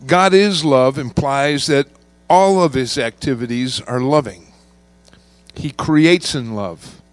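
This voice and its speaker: Slow, measured preaching man. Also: on the high side, no room sound. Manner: measured preaching, slowing to stress key words. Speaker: pastor. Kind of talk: sermon.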